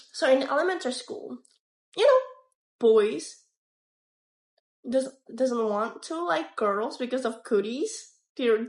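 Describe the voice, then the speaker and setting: A young woman telling a candid, profane storytime to her channel, in a casual vlog monologue. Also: a little high. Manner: candid, profane, animated retelling. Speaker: vlogger. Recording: echoey room.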